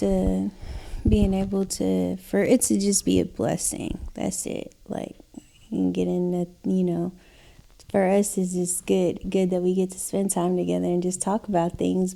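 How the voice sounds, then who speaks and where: A young woman co-hosting a podcast with her husband, speaking hesitantly and softly in casual chat. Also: fairly low pitch, creaky. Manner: hesitant, many fillers, soft-spoken. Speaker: podcast co-host.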